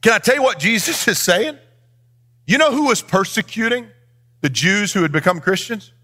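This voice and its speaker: A man's voice: high voice, lively intonation, moderate pace, pushed and bright. A male pastor preaching a sermon in a church, speaking straight to his congregation and swinging his lines up into a sing-song emphasis.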